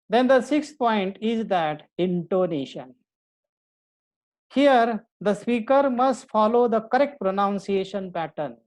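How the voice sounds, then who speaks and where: Slow, deliberate woman teacher lecturing. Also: mid-range voice, a little mellow, rough recording. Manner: slow, deliberate explaining with frequent restarts and repetition. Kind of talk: recorded online lecture to students.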